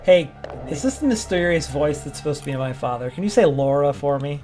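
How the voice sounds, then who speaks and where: A man's voice: a little high, expressive, brisk, over music. Sarcastic man hosting a game playthrough. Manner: sarcastic, joking. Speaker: host. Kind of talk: casual let's-play chat.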